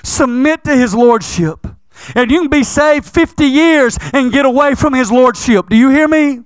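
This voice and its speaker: High-voiced emphatic male preacher. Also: moderate pace, smooth, no room sound. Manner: emphatic, repetitive, swinging between loud and hushed. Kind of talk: sermon.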